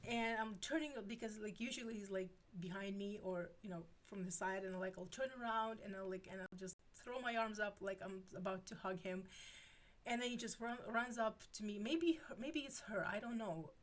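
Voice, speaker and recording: A woman's voice: medium pitch, moderate pace. A woman in her forties chatting casually with her viewers, rambling with many fillers and restarts. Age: 40s. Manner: rambling, lots of filler words and self-interruptions. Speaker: streamer.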